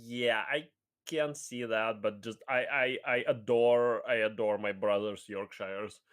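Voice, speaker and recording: A man's voice: on the low side, steady tone, unhurried, a bit bright, clean tone. A young man in casual chat who rambles enthusiastically and swears offhandedly while debating a co-host.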